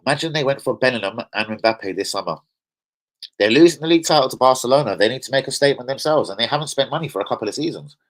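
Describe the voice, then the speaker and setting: Animated football streamer. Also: male voice, medium pitch, rapid-fire, low-quality recording. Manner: slangy, chatty, animated banter with chat. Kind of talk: casual live-stream chat.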